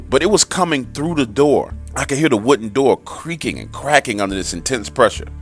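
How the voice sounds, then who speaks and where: A man in scripted horror narration, dramatic, with pauses and sudden emphasis. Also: mid-range voice, a bit bright. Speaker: storyteller. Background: faint background music.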